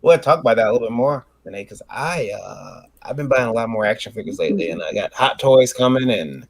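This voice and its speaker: A man's voice: medium pitch, sing-song, fast, creaky, dry recording. A man co-hosting a casual livestream, rambling with many fillers while showing off toys. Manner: rambling, lots of fillers, shows off toys on camera. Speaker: co-host of a crowdfunding livestream.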